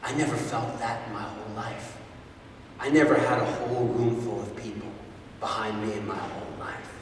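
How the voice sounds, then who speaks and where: A man voicing a grateful grown man who speaks low and hushed, in a talk recorded in an echoey hall from a distance. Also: fairly even intonation, moderate pace, slight background noise, natural voice. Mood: moved.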